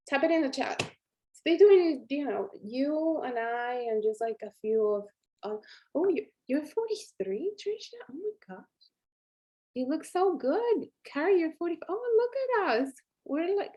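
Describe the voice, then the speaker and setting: A woman in her forties with a slightly high voice hosts a live online coaching workshop. She talks in a chatty, encouraging way, turning again and again to her viewers as "you guys.". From Colombia. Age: 40s. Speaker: workshop host.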